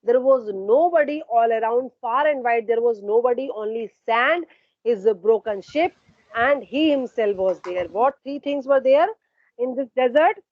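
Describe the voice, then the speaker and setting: A woman's voice: on the high side, measured pace, dry recording, highs cut off. A woman teacher explaining a story line by line in an online class, asking questions and answering them herself. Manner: asks questions then answers them, paraphrasing and repeating. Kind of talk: online literature lesson.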